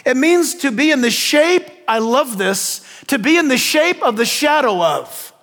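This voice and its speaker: Preaching unhurriedly, an older pastor swings his pitch widely in a voice that's a bit bright and unusually high for a man. He asks his congregation questions and offers homey asides, with the big hall lending a long reverb tail.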